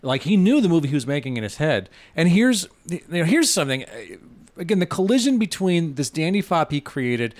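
A man's voice: on the high side, sing-song, brisk. Enthusiastic male filmmaker on a podcast. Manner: enthusiastic, casual swearing, musing aloud. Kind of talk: casual film discussion.

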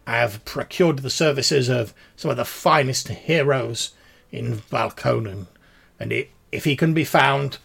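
A man voicing a nervous, pompous gentleman patron who stutters through grand old-fashioned speeches. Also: mid-range voice, a little slow, gravelly, slightly rough, voice pushed up, heavily acted.

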